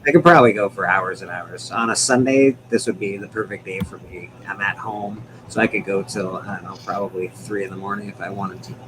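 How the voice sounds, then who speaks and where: A man's voice: low voice, fairly even intonation, brisk, hardly any pauses, background noise. A man hosting a casual livestream chat from home, rambling, laughing often and swearing now and then. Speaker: livestream host.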